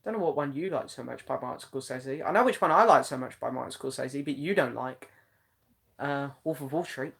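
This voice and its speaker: A young man hosts a relaxed live chat from home, answering viewers one by one. He meanders through his thoughts with frequent ums and restarts. His voice sits at an ordinary middle pitch. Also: a little fast, vocal fry, husky. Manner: chatty and meandering, many ums. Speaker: live-stream host. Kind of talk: casual live chat reading comments.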